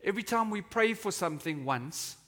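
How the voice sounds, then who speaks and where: A man's voice: high-pitched, animated, a little fast. A man preaching a sermon in a church hall, talking conversationally and acting out the quotes in a raised voice. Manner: conversational, dramatizes quotes with shouting. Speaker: pastor. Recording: long reverb of a church hall.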